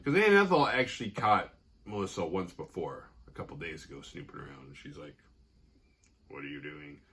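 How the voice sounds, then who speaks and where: A man's voice: deep voice, wildly swooping pitch, fairly quick, a bit bright, a little hiss or hum. A man hosting a horror movie podcast, casually recapping the plot with profanity and sarcasm and acting out the characters' lines.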